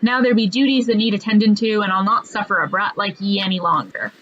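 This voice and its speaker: Woman putting on a gruff male combat trainer. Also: medium pitch, fast talker, fairly bright tone, lo-fi sound, slight background noise, close to an everyday voice. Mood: scornful. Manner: rough old-fashioned put-on accent.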